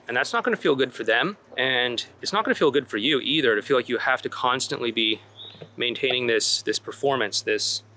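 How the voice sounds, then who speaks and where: A man's voice: mid-range voice, sharp tone. A young adult man, a relationship coach, talking earnestly on a walk outdoors in a forest, with fillers and restarts. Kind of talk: casual advice vlog.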